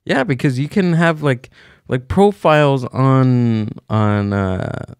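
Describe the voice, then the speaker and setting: A man's voice: mid-range voice, slow pace, darkish tone, smooth, no echo, clean studio sound. A man co-hosting a podcast, musing and asking questions in casual chat. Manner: musing, asks questions with restarts. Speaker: podcast co-host.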